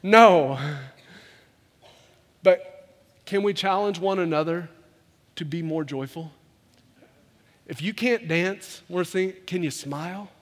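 A man preaching a sermon to his congregation in an earnest, conversational way, often repeating words as he rushes ahead. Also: sits high. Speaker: pastor. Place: church sanctuary. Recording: long hall reverb.

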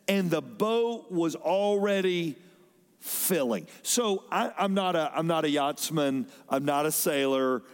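A man preaching a sermon as a pastor, with dynamic delivery that swings between loud emphasis and soft drops. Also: fairly high pitch. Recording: long hall reverb.

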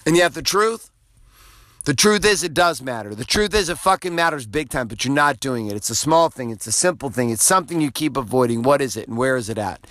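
A man's voice: medium pitch, expressive, brisk, fairly bright tone, no room sound. A middle-aged man delivering an intense, preachy motivational podcast monologue, swearing freely.

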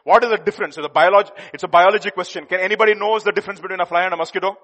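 A man preaching a sermon, telling a children's story in a playful, animated way and laughing as he goes. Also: high voice, rapid-fire.

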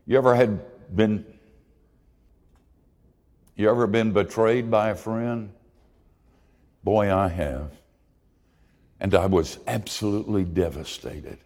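A man's voice: on the low side, takes it slowly, long pauses, a little mellow, in a large hall. A man preaching a sermon in a folksy, humorous and confessional way, telling stories from his own life. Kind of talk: sermon with storytelling.

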